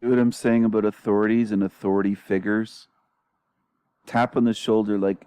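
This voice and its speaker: A man commenting on a clip, a low, mellow tone, bluntly challenging and repeating rhetorical questions with a dry, close sound. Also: level tone, moderate pace, smooth, no echo. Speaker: commentary channel host.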